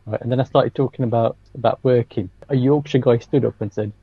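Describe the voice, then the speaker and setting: A man's voice: mid-range voice, steady tone, fast talker, husky, no echo, lo-fi sound. A man co-hosting a podcast, chatting casually and telling anecdotes with frequent laughs. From England. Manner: anecdotal storyteller, laughs often. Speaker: podcast co-host, stand-up comedian. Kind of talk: casual chat.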